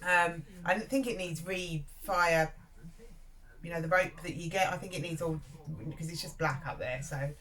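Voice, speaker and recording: A woman's voice: fairly low pitch, normal speed, fairly bright tone. A woman chatting casually to camera about her worries, rambling, laughing often, recorded inside a narrowboat. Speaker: vlogger host.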